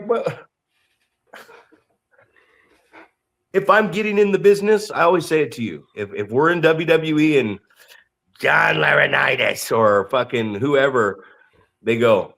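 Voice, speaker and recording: A man co-hosting a podcast, telling profane, animated stories full of acted-out quotes in casual chat. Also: on the high side, measured pace, gravelly, long pauses. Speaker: podcast co-host.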